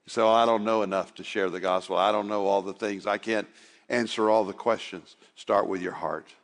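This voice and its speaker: A lowish-voiced preacher moves briskly through a fervent sermon, his pitch barely shifting. His urging grows loud before falling back to a hush. Everything echoes with a long hall reverb.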